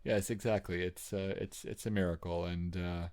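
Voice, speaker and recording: A man's voice: low voice, fairly even intonation, normal speed, darkish tone. A man co-hosting a podcast in casual chat, talkative and laughing often as he trails off and restarts. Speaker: podcast co-host.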